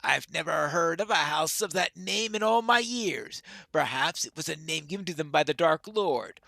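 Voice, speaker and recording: A man voicing a hearty, proud male dwarf warrior who talks in a booming, excitable way. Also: moderate pace, creaky, dry recording, heavily acted. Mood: excited.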